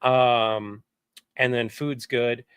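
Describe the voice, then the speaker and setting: A man's voice: medium pitch, fairly even intonation, drawn-out words, a bit bright, clear, resonant tone, no echo. A man chatting casually on a livestream from his home setup, rambling candidly and swearing now and then. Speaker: streamer and voice actor.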